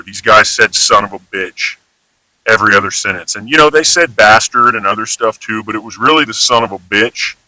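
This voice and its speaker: A man's voice: on the low side, bright, forceful tone, dry recording, poor audio. A man from Houston with a Texan accent, talking in an emphatic, rambling, casually profane monologue. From Houston, Texas. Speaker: vlogger.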